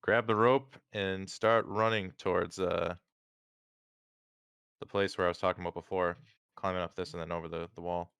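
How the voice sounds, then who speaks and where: Man, player, very deep voice, smooth and resonant, short plain answers. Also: flat delivery, moderate pace, fairly bright tone, no room sound. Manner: brief, matter-of-fact replies. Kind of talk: casual tabletop play.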